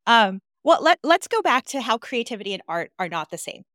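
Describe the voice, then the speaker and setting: A woman's voice: a little high, big pitch swings, a little fast, a bit bright, no room sound, clean studio sound. A woman guest in a casual interview, playful and emphatic, laughing easily as she talks.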